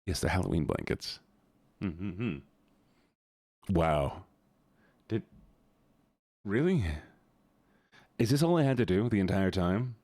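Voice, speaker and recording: A man's voice: sits low, very animated, takes it slowly, pauses often, darkish tone, no room sound. A man streaming a game, chatting playfully and talking to his viewers as if they were pets. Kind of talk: casual chat while gaming.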